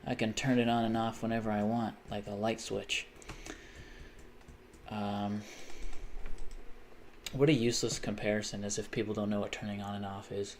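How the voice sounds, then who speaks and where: A man's voice: lowish voice, little pitch movement, normal speed, long pauses, slight background noise. Rambling, self-mocking male streamer. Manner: rambling, self-mocking, makes odd repeated mouth noises. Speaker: live streamer. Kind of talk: casual live-stream chat while gaming.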